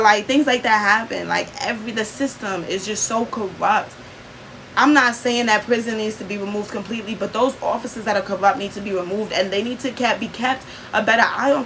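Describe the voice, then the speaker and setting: A woman's voice: medium pitch, a bit bright, a little hiss or hum, low-quality recording. A young adult woman vlogging, telling a personal story in an earnest, emphatic way, with lots of fillers.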